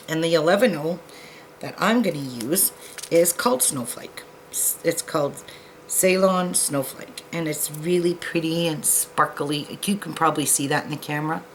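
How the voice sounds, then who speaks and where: A woman's voice: sits low, unhurried, slight background noise, rough recording. Chatty woman teaching beadwork. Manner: chatty, self-deprecating, talks to viewers while working. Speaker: beading tutorial host. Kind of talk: casual crafting tutorial.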